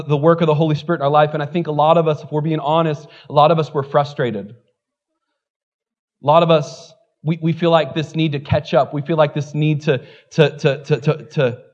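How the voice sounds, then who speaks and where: A man preaching a sermon as pastor, animated, swinging between loud exclamations and quieter asides. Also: a little high, lo-fi sound.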